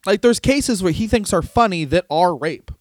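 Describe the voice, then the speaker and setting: A man co-hosting a comedy podcast, profane and quick, riffing loosely. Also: high voice, animated, no echo, studio quality. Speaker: podcast co-host. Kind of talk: casual comedy chat.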